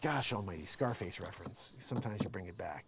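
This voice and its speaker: A man hosting his own video show, talking in a rambling, animated way, laughing often and acting out what other people say. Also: sits low, brisk, gravelly, slightly rough. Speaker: video host. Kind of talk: casual political commentary.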